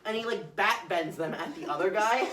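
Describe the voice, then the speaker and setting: A man's voice: high-pitched, normal speed, distant mic. A young man rambling through a casual movie recap on a podcast, full of "like"s and silly acted-out quotes. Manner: rambling with many "like"s, acting out quotes in silly voices. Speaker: podcast co-host. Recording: roomy, off-mic, faint hiss.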